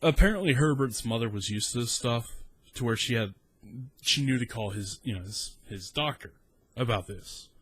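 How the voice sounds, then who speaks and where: A man's voice: mid-range voice, expressive, normal speed, fairly bright tone, breathy edge. A man in his thirties with a South Texas accent, telling a rambling, profane story in casual story time.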